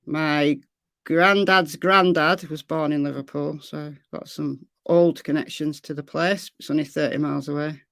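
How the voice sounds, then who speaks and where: A woman's voice: sits low, fairly even intonation, normal speed, vocal fry, no echo. Woman host with a Lancashire accent, chatty and repetitive, dry close-mic sound. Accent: Lancashire English. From Lancashire, England. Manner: chatty, repeats phrases, reads chat aloud. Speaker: true crime livestream host. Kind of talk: casual livestream chat answering viewers.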